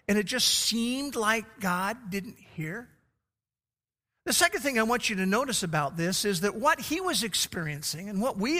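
A middle-aged man preaching a sermon, his voice swelling on quoted scripture and dropping low on grim facts. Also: sharp tone. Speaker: pastor. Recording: long hall reverb.

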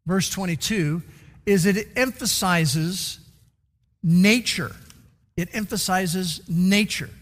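High-voiced man preaching in a reverberant hall. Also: fairly bright tone. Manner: teaching, repeats key words for emphasis. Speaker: pastor. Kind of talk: sermon.

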